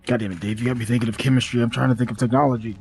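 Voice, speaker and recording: A man's voice: medium pitch, steady tone, very fast, a little mellow, faint music behind. A man chatting casually while playing a video game, rambling and thinking aloud with lots of fillers. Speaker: let's play co-player. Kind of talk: casual gaming chat.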